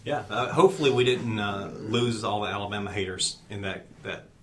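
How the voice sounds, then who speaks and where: A man hosting a podcast interview, relaxed and affirming as he listens and asks questions. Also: on the low side, a little fast. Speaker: podcast host.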